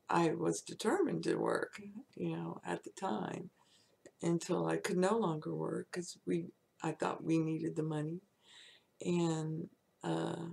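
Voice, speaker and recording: A woman's voice: fairly low pitch, creaky, a little mellow, husky. A woman in her sixties telling a frank story from her own life, laughing often as she goes. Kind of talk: casual personal storytelling.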